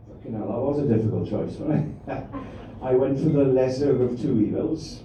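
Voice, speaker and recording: A man's voice: mid-range voice, moderate pace, hardly any pauses, mellow, a little hiss or hum. A man doing a crude, rambling stand-up routine and bantering with the crowd. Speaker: stand-up comedian. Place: comedy club stage. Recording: echoey room, mic from a distance.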